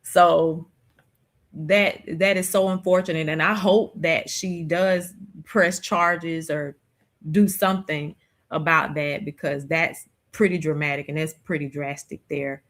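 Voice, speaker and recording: A woman hosting a livestream, talking slowly and reflectively in a casual chat with plenty of fillers. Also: sits low, steady tone, a bit bright. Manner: slow, reflective, conversational with many fillers. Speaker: streamer host.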